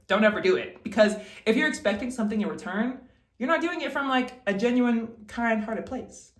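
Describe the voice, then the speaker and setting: A woman's voice: on the high side, animated, a little fast, roomy sound. A young woman in a casual vlog, emphatically giving advice straight to the viewer while getting ready at home. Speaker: vlogger.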